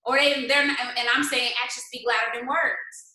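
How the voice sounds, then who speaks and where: A woman leading a motivational livestream for her sales team, animated and talking straight to viewers in the comments. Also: high-pitched, moderate pace, echoey room, rough recording. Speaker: network marketing team leader.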